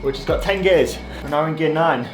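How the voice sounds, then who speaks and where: Chatty man vlogging. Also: on the high side. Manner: chatty, self-deprecating, rambling asides. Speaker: cycling YouTuber. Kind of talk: casual vlog narration and race commentary.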